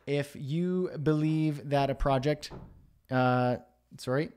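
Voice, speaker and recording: A man's voice: a little high, slow pace, a little mellow, clean tone. A man hosting a freelancing Q&A livestream from his home studio, talking casually with frequent fillers and self-deprecating asides.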